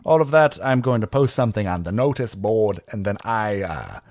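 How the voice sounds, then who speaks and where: Proud armored warrior, stiff and formal, pitch swinging widely, as a man plays him; dry sound. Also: lively intonation, normal speed, a little mellow, dry recording.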